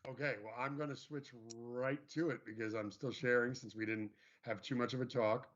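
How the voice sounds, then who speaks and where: A man's voice: fairly even intonation, moderate pace, fairly bright tone. A man co-hosting an online show, casually announcing events with frequent fillers and restarts. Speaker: co-host. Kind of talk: casual livestream chat and announcements. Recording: muffled low-fidelity stream audio.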